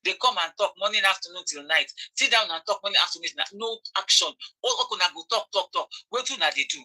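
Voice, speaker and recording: A woman with a Nigerian accent delivers impassioned commentary, driving each point home by repeating it. Her voice is strikingly bright and sharp. She pleads with her listeners and stays insistent throughout. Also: medium pitch, lively intonation, fast, poor audio. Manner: emphatic, repeats phrases. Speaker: online commentator.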